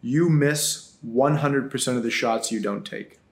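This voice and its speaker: A man's voice: medium pitch, measured pace. A man guest on a podcast, answering earnestly and reflectively and repeating words as he works out his thoughts. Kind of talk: casual interview answers.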